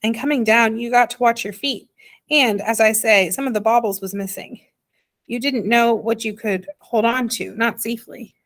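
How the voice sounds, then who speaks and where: A woman reading the part of a small, homely father who explains things slowly in plain, ungrammatical speech. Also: fairly high pitch, steady tone, fairly bright tone, lightly acted. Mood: explaining. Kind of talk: audiobook character reading.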